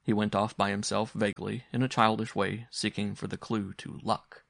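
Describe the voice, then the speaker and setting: A man narrating a story aloud in a calm, measured reading style. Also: fairly low pitch, gravelly, no echo, clean studio sound.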